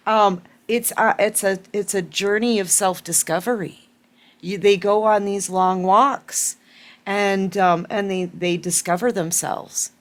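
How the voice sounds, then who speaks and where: A woman's voice: mid-range voice, fairly even intonation, unhurried. A woman giving a collective tarot reading to her viewers, emotional and fighting back tears, repeating phrases for emphasis. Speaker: tarot reader.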